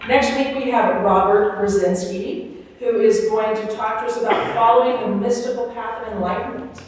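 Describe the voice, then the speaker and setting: A woman's voice: a little high, steady tone, moderate pace. A woman giving the Sunday announcements at a spiritual center in a chatty, upbeat way, with the odd joke. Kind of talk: casual church announcements. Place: large hall during a Sunday service. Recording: echoey hall, voice from a distance.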